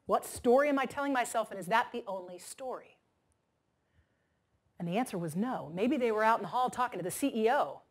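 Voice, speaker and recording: A woman's voice: a little high, fairly quick. A woman motivational speaker telling stories to an audience, acting out the voices of the people in them. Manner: animated storytelling, acts out quoted voices. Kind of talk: keynote talk to an audience.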